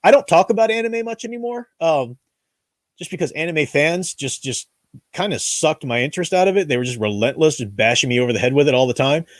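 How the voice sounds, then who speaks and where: A man's voice: a little high, brisk, no room sound, clean studio sound. A man hosting his own commentary show, talking casually in an indignant, ranting way with many restarts. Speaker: commentary channel host.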